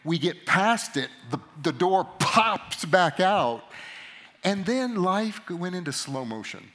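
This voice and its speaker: A middle-aged man giving a sermon to a live audience, telling a story about himself with animated, self-mocking humor. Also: high voice, slow. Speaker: pastor or conference speaker.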